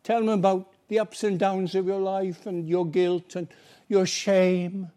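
Slow, warm-toned preacher man. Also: sits high, level tone. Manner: earnest, pleading, acts out little dialogues. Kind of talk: evangelistic sermon.

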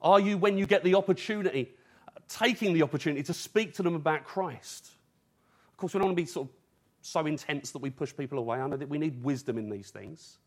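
A man's voice: on the high side, expressive, fast talker. A man from England preaching an evening sermon in an earnest, urgent way, using rhetorical questions.

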